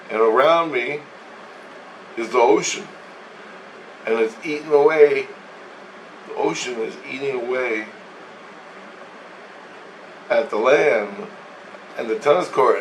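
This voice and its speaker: A man's voice: medium pitch, fairly bright tone, a little hiss or hum. A man casually recounting a dream in a rambling way, often laughing and repeating "he goes" as he retells a conversation. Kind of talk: casual spoken storytelling. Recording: roomy sound, speaker away from the mic, faint ambience.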